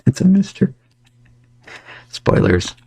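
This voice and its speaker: A man's voice: a little high, big pitch swings, measured pace, creaky, warm tone, slightly rough. A man playing through a game on a stream, chatty and joking as he reads on-screen text. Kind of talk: let's-play commentary.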